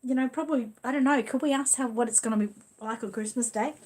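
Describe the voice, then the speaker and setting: A woman's voice: on the high side, quick pace, few pauses, a little mellow. A middle-aged Australian woman chatting casually on a livestream, rambling and cooing affectionately as she reads viewer comments. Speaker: livestream host.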